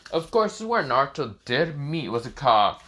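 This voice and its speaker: Young male storyteller, casual and rambling, bright tone. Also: mid-range voice, very animated, fairly quick. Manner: rambling, with many fillers. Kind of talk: casual fan story narration.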